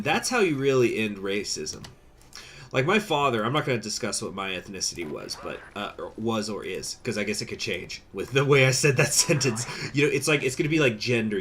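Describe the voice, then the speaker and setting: A man streaming a strategy game, chatting casually with viewers, rambling, laughing and jumping into high excited bursts. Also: slight background noise. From United States. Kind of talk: casual game commentary with chat.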